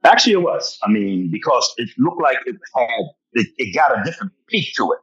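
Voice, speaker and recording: His mid-range voice swings widely in pitch, brisk and fairly bright with a breathy edge. The man is a podcast interview guest telling animated stories, acting out other people's lines and chuckling a lot, in dull lo-fi audio.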